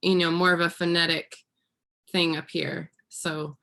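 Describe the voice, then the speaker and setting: A young woman hosts a relaxed interview. Her voice sits a little low for a woman, and her manner is friendly, upbeat and giggly. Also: measured pace, creaky. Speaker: host. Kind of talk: casual interview chat.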